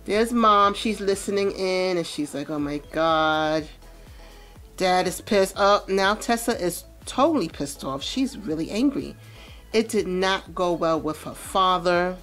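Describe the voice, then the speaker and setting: A woman's voice: medium pitch, measured pace, fairly bright tone, soft background music. A woman giving casual let's-play commentary, chatting about what her game characters feel. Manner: chatty, narrates characters' feelings. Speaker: gameplay commentator.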